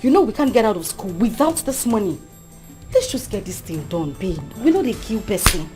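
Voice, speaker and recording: With music playing behind her, a young adult actress delivers Nollywood-style skit acting as a scheming student who speaks with a Nigerian accent. Her medium-pitched, sing-song voice sounds close to everyday speech at a moderate pace, and she coaxes and persuades, mixing in Pidgin.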